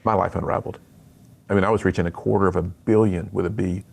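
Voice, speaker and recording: A middle-aged man, a guest on a radio interview, telling his personal story in an earnest, animated way and acting out the lines he quotes. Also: sits low, quick pace, gravelly. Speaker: radio guest, speaker to students.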